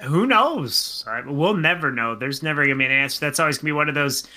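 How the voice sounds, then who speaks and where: A man's voice: fairly high pitch, expressive, quick pace, bright, forceful tone. A man co-hosting a casual radio show, joking and riffing on each topic. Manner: jokey, riffs with mock announcer voices.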